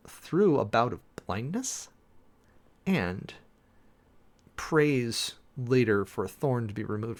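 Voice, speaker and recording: Man, preacher, gravelly voice, rambling, thinks out loud, reads scripture. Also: mid-range voice. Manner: rambling, self-interrupting, thinking aloud. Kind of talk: casual sermon preparation, reading scripture aloud.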